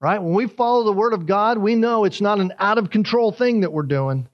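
A man's voice: high-pitched, a little fast. A man preaching an expository sermon as pastor, repeating key words for emphasis. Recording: dull lo-fi sermon recording.

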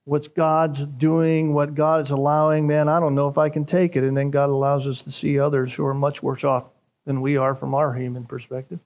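A man preaching a sermon, emphatic and rising in pitch on key phrases. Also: level tone, normal speed, darkish tone. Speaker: pastor.

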